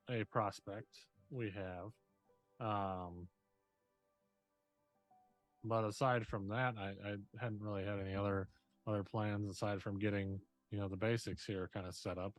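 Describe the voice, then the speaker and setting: A man with a low voice plays in an online tabletop game. He talks casually with many fillers, over faint music. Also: takes it slowly, pauses often, a bit bright, dry recording. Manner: casual, hesitant. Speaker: player.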